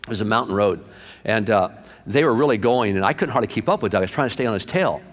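Folksy middle-aged pastor in a reverberant hall. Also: male voice, lowish voice, expressive, fast. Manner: folksy, chatty, peppered with "man". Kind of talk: storytelling sermon.

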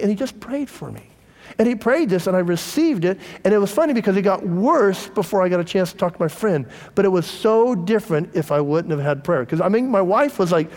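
A man's voice: high-pitched, expressive, brisk, a little mellow, big-room sound. A middle-aged man and pastor, preaching a conversational sermon and telling candid personal stories to his congregation. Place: church.

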